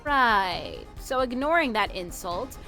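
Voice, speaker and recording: A woman's voice: a little high, sing-song, takes it slowly, bright, forceful tone, faint music behind, full character voice. A woman voicing a brusque, sarcastic young female detective in a fan game dub.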